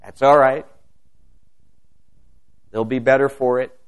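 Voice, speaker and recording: Fervent man praying aloud, unhurried. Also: mid-range voice, steady tone, clear, resonant tone. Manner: fervent, repetitive petitions. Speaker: prayer leader. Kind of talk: spontaneous spoken prayer.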